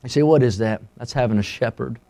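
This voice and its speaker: A middle-aged man preaching a sermon as a pastor, impassioned and swinging between loud and hushed. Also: medium pitch, brisk, vocal fry.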